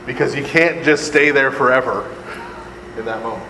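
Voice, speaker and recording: A man's voice: medium pitch, normal speed, sharp tone. A man leading a casual Bible study lecture for a live group, joking and acting out voices, and asking "right?" again and again. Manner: conversational, keeps asking "right?", jokes and acts out voices. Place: church hall or classroom with a live group. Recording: echoey hall with faint air-conditioning hum.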